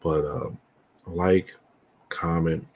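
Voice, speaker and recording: A man hosting a reaction video, talking softly and hesitantly with many fillers. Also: sits low, flat delivery, extremely slow. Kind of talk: casual reaction commentary.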